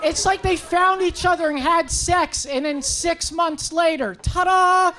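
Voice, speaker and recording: A young man with a high-pitched voice doing a brash, profane, self-mocking stand-up set in a comedy club. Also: measured pace. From Canada. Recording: live club set with crowd noise. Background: audience laughter.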